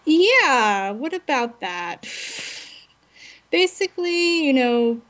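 A woman's voice: high-pitched, sing-song, slow, fairly bright tone. A woman co-hosting a podcast, chatting casually and ranting bluntly with frequent laughs. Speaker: podcast co-host.

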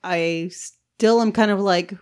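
A woman in casual chat, expressive and laughing, her voice swooping up when excited. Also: medium pitch, slow pace.

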